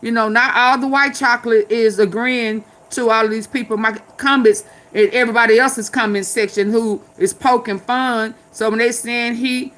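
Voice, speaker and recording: Older woman commentator, bright, a bit high, sassy and blunt, preachy riffing. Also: steady tone, moderate pace, few pauses. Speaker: commentary vlogger. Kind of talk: casual opinion commentary.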